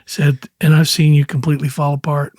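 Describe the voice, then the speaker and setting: A man in his sixties talks as an interview guest, winding through anecdotes and acting out what others said with easy chuckles. His voice sits a little high for a man. The sound is dry and close. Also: a little fast, no echo. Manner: relaxed, rambling anecdotes with quoted dialogue and chuckles. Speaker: guest, country singer. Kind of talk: casual storytelling in an interview.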